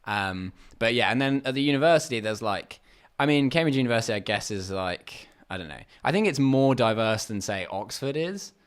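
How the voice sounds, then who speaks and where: A man's voice: medium pitch, expressive, fairly quick, smooth. A young man from Essex with a well-spoken English accent, chatting as a guest comedian on a podcast and rambling through his points with lots of fillers. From England (Essex). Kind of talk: casual podcast chat.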